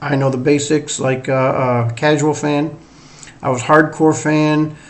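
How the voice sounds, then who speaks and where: The voice is on the high side, unhurried, with little pitch movement. It belongs to a middle-aged sports podcast host with a part-Northern, part-Southern US drawl, who rambles chattily and self-deprecatingly through a casual solo show.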